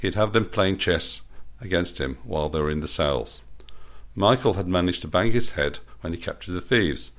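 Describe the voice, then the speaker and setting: Male storyteller, very low pitch, playful self-amused reading. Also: moderate pace. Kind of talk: reading his own story aloud.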